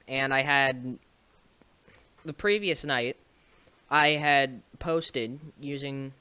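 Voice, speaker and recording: Slow, bright-voiced young man telling a story. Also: mid-range voice, clean tone, dry recording. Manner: rambling, with restarts and small laughs. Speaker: streamer and video maker. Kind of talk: casual storytelling to camera.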